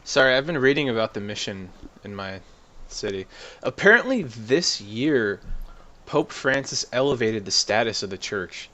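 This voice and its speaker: A young man co-hosting a casual podcast, joking and quick to apologize for himself. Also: mid-range voice, sing-song, sharp tone. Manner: joking, self-deprecating. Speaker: podcast co-host.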